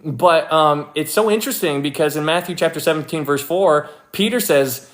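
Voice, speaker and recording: A young man with a slightly high voice leads a casual livestream Bible study. He talks in a loose, chatty way with restarts, thanks viewers by name as they comment, and jumps into excited character voices when he acts out a story. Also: normal speed. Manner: chatty, animated, acts out quoted people in a higher excited voice.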